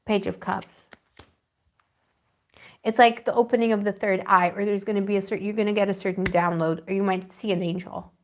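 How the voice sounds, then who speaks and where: A woman's voice: mid-range voice, steady tone, brisk, slight background noise. A woman giving a live tarot reading, rambling and affectionate, calling her viewers pet names and searching dreamily for her words. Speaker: tarot reader.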